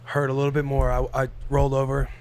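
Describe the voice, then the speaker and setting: A man's voice: mid-range voice, monotone, fast talker, darkish tone. A man of thirty co-hosting a podcast, telling stories in a laid-back, chatty way. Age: 30s. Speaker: podcast co-host. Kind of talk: casual podcast banter.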